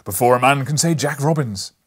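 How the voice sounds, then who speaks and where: A man's voice: medium pitch, fairly quick, pitched above the performer's own voice, close to an everyday voice. A man voicing a jovial, stout old merchant with a rich, oily voice, calling out heartily in a storybook reading. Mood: hearty.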